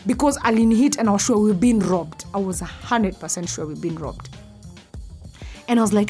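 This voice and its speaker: A young woman, candidly telling a personal story and dropping to a hushed voice when it gets frightening. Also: medium pitch, brisk. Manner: candid, intense, drops to a hushed voice at scary parts. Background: faint music.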